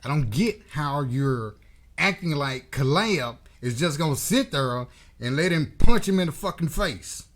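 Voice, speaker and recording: A man's voice: on the high side, animated, measured pace. A man hosting a boxing commentary channel, delivering a blunt, profane, emphatic opinion rant.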